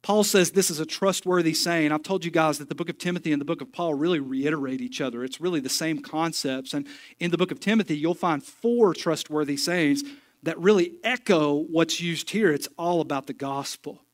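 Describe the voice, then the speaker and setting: A man's voice: a little high, brisk. A man preaching a sermon in a church, folksy and joking, with emphatic stretches. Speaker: pastor. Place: church sanctuary.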